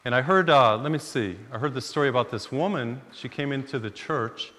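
A priest in a church hall, chatty and fond of jokes, easing into stories with fillers. His voice carries a long hall reverb, and his pitch sits in the middle. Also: a little fast, pushed and bright. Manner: casual, chatty, joke-telling with fillers. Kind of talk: joking retreat sermon.

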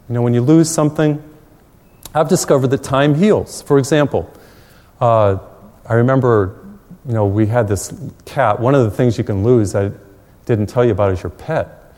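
Middle-aged male priest, warm relaxed tone, easygoing pastoral delivery, reverberant space. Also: mid-range voice. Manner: gentle, conversational, with frequent fillers and light chuckles. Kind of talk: pastoral talk to viewers.

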